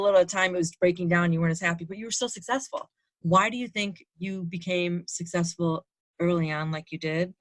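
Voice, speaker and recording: A woman with a fairly low voice hosts a casual podcast interview, speaking earnestly and with emotion while often restarting her sentences. The recording is dry.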